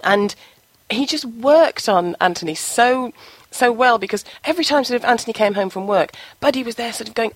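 A woman hosting an interview, warmly encouraging and asking tag questions. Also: on the high side, moderate pace, no room sound. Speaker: host. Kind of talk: casual interview chat.

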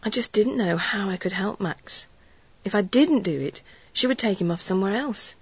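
A woman narrating a story in an earnest, measured storytelling way. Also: medium pitch, expressive, husky, no room sound, dull audio. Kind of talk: audiobook narration.

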